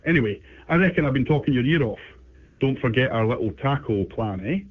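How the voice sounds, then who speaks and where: A cheeky, chatty bulldog as an AI man plays him talks in a gruff British accent. His voice is a little husky. It comes through a thin, tinny phone line. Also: medium pitch, animated, a little fast, dry recording.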